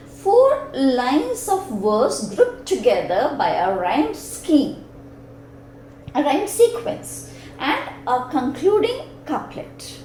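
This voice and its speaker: A woman lecturer with an Indian English accent, explaining poetry slowly and deliberately, pausing often with "uh". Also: sits high, warm tone, a little hiss or hum. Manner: slow, deliberate explaining with frequent "uh" pauses. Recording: echoey room with faint ambience.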